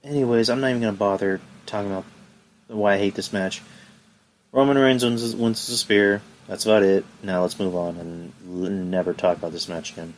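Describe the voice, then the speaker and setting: A man with a fairly low voice hosts his own review podcast from home. He rants in a casual, exasperated way and keeps throwing out rhetorical questions. A faint hiss sits under his voice. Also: steady tone, a little fast. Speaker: podcast host. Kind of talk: solo wrestling review podcast.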